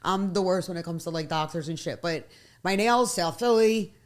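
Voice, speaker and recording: A woman from South Philadelphia with a Philadelphia accent, a guest telling stories in casual interview chat, animated and swearing freely. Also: on the low side, normal speed. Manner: animated storyteller who swears freely and acts out quotes.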